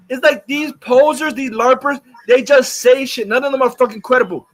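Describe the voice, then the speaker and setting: Guy ranting on his livestream, super high voice, swearing nonstop, reads chat out loud. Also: moderate pace, hardly any pauses. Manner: profane, ranting, repetitive; reads chat comments aloud. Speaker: livestream host. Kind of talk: angry livestream rant.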